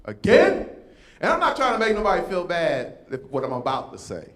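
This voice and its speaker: A man's voice: a little high, very animated, quick pace, fairly bright tone, echoey room. A man doing stand-up comedy as a comedian and pastor, teasing the crowd and checking in with a repeated "right?".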